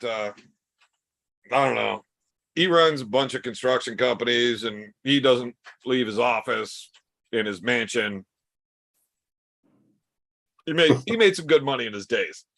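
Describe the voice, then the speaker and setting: A man's voice: medium pitch, a bit bright. A man hosting a podcast in casual chat, teasing his guest with crude, profane banter. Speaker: podcast host.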